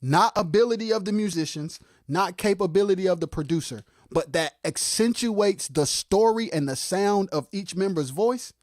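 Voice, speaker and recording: A livestream co-host giving impassioned commentary on music production. They get fired up and shout, then drop into quiet asides, and repeat phrases for emphasis. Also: medium pitch, expressive, moderate pace, hardly any pauses, dry recording, studio quality. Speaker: co-host of a live music talk stream.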